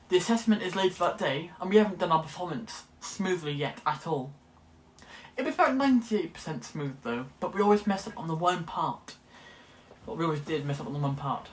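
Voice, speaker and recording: A young man in his late teens, voice fairly high, makes a casual student vlog to camera, rambling with frequent restarts and self-corrections. The recording has a slight hiss or hum.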